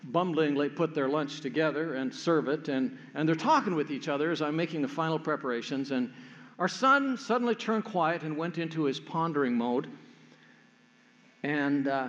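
A man's voice: on the high side, fairly bright tone. An older man preaching a sermon as pastor, telling a family story in a church. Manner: storytelling, acts out family voices. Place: church sanctuary. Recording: echoey hall, dull sound.

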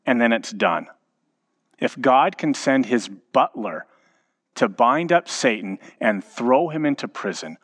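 A man in his thirties, a pastor preaching a sermon with animated storytelling, dramatic pauses and strong emphasis. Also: mid-range voice.

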